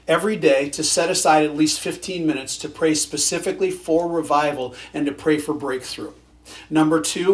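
A male pastor preaching a sermon in a conversational way, with dry sarcastic humor. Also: on the high side.

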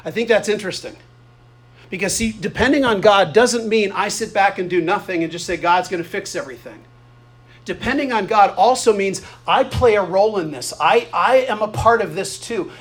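High-voiced pastor preaching. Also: male voice, moderate pace. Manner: conversational storytelling with asides. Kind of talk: sermon.

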